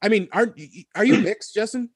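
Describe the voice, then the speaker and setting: A man hosting a casual podcast conversation, talking in an animated, emphatic and joking way. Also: high-pitched, quick pace, slightly rough, dry recording, studio quality. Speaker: podcast host.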